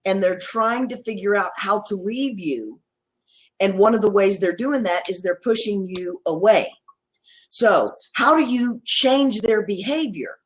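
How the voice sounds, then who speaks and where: A woman's voice: medium pitch, lively intonation, unhurried, low-quality recording. A woman guest expert in a discussion, talking in an enthusiastic, emphatic and playful way. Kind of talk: casual discussion.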